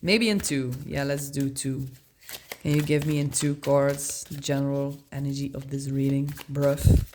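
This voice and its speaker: A woman's voice: extremely low pitch, fairly even intonation, normal speed, darkish tone, slight background noise. A woman giving a casual tarot reading, musing aloud in slang and laughing often. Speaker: tarot reader.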